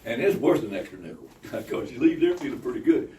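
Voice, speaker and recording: A man tells rambling anecdotes in a lively, swooping voice, breaking into other people's lines. He swears freely. He sits a little back from the mic, with a faint hum of noise behind him. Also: fast talker. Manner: animated, profane, acts out other people's voices with big pitch jumps and laughter. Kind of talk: casual anecdotal storytelling. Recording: slightly distant mic with faint room noise.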